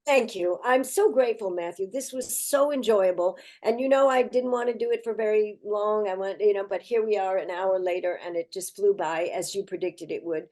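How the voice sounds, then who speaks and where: An older actress talking as an interview guest, effusive and heartfelt, chatty with frequent restarts. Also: female voice, mid-range voice, moderate pace, hardly any pauses, a little mellow. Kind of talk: casual interview chat.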